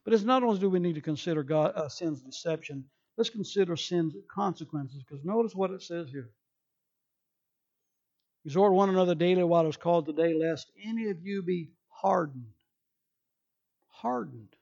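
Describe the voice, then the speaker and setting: A man's voice: fairly high pitch, brisk, darkish tone, dull audio. A male pastor preaching a sermon emphatically, acting out people's excuses in quoted voices.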